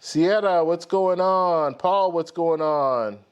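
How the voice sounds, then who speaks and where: A man's voice: a little high, slow, clear, resonant tone. A man hosting a live stream, greeting viewers by name in a friendly way and then telling his own story in a rambling manner, often restarting his sentences. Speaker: host of a live stream credit card show. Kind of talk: casual live stream chat.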